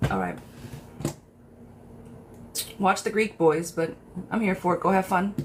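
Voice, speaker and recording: A woman's voice: fairly low pitch, sing-song, unhurried, long pauses, a little hiss or hum. A woman hosting a live tarot reading stream, talking casually and affectionately to viewers by name. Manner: chatty, affectionate, talks straight to viewers by name.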